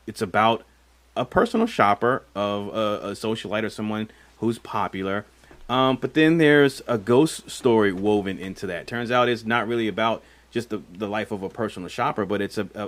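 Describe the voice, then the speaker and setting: A man with a fairly low voice co-hosts a casual film podcast. He talks in a rambling, thoughtful way, circling back with fillers and restarts as he weighs his picks. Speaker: podcast co-host.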